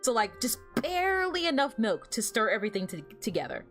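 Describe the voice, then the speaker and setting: A woman's voice: fairly high pitch, big pitch swings, fairly quick, fairly bright tone, faint music behind. A young woman streaming a game, chatting casually and giggling, with lots of fillers as she rambles. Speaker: VTuber streamer. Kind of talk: casual gameplay stream chat.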